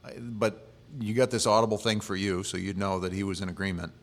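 A man's voice: lowish voice, fairly even intonation, a little fast. A male pastor preaching a sermon in a conversational way, with humorous asides.

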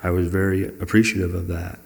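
Speaking fast with a completely flat delivery, this low-voiced man, whose voice carries a gravelly fry, tells personal stories in a conversational talk. He stays earnest and reflective and sometimes performs what others said.

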